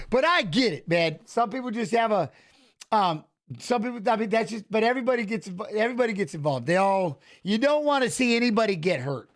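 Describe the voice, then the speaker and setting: High-voiced man rambling through live fight talk. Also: brisk. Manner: animated, rambling, repeats phrases. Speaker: watch-along host, former fighter. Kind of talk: casual live fight commentary.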